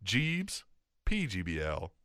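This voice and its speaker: Animated man with a bright voice. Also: deep voice, takes it slowly, clear, resonant tone, no echo, clean studio sound. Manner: animated, swearing, laughing. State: hiccups. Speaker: podcast co-host. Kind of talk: casual chat.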